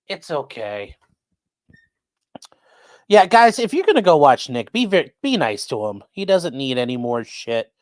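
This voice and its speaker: At home indoors, a live-stream host with a mid-range voice, recorded dry, chats casually. Animated and profane, they ramble, read viewer comments aloud, swear freely, and pause to soothe a dog between remarks.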